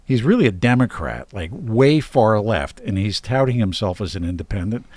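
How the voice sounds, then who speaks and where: A man co-hosting a casual podcast, a lively storyteller who laughs often. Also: lowish voice, moderate pace, no echo. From Pennsylvania, United States. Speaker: podcast co-host. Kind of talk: casual chat.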